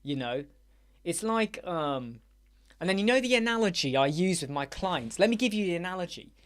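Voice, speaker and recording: A man hosting a live Q&A chat show, rambling and animated, with many fillers. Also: sits high, moderate pace. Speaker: host. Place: dark room with soundproof panels.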